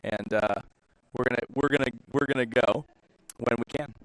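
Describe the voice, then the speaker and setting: A man's voice: mid-range voice, moderate pace, no room sound, low-quality recording. A man casting a live game tournament, chatty and filling dead air while troubleshooting. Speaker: shoutcaster. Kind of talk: esports commentary.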